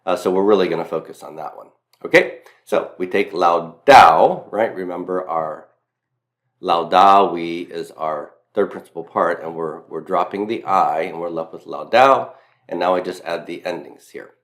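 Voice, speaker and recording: Low-voiced Southern man teaching grammar. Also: moderate pace, a bit bright. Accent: Southern US (Mississippi). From Mississippi, US. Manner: emphatic, repeats key points, self-deprecating asides. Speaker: Latin teacher. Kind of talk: recorded grammar lecture.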